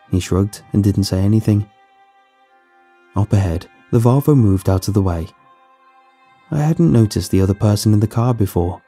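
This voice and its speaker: Low, dark-voiced male horror narrator. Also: moderate pace, husky, faint music behind. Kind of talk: first-person horror story narration.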